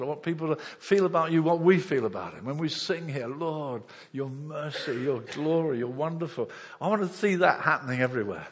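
A male pastor preaching a sermon, swinging between loud bursts and hushed asides. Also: fairly high pitch, lively intonation, a little fast, few pauses, long reverb tail. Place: church hall.

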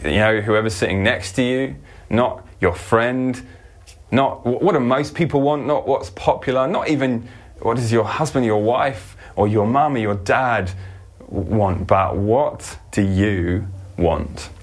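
A male preacher giving a sermon in an earnest manner, slowing down to stress scripture. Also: mid-range voice.

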